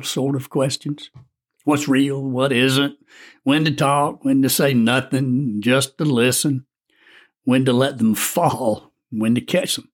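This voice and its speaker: A man speaking as a storyteller, musing in a gentle way before he reads a story aloud. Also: mid-range voice, slow. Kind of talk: reflective talk and storybook reading. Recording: faint music underneath.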